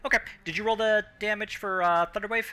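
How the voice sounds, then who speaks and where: A man running a tabletop game as game master, pausing often with ums while he checks the rules. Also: sits high, fairly even intonation, pushed and bright, clear, resonant tone.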